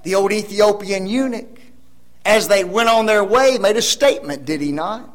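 A man preaching a sermon, emphatic, with rhetorical questions, swinging between loud stresses and soft asides. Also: high-pitched, moderate pace, low-quality recording.

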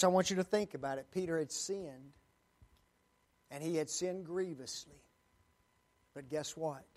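A man's voice: a little high, darkish tone. A man preaching a sermon, dramatic, acting out pleading quotes and addressing the congregation as folks. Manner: slow, dramatic, acts out quoted pleas.

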